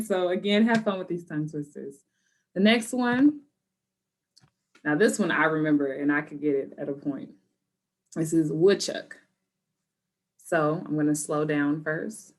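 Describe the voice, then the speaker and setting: Slow, low-voiced woman teacher. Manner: slow and patient, laughing at her own stumbles. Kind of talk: recorded class lesson for students and families.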